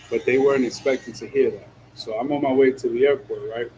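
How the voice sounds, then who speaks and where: A vlogger's mellow, medium-pitched voice moves at a quick pace with a steady tone as he drives, music playing and slight background noise present. His casual, slangy talk leans on "yo" and "you know what I'm saying," and he laughs often between lines. The audio quality is poor.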